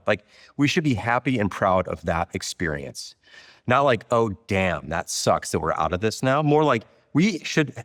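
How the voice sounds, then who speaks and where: A man's voice: fairly low pitch, fairly bright tone, dry recording, clean studio sound, big-room sound. A middle-aged man speaking as an interview guest, reflective and candid in a casual conversation. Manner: reflective, candid, affirming with short yeses. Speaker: guest, software company founder.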